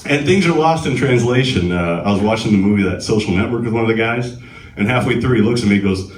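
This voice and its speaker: A man's voice: lowish voice, quick pace, a little hiss or hum. A man doing a live stand-up set on a comedy club stage, with a sardonic, self-deprecating delivery, recorded from a distance in an echoey club.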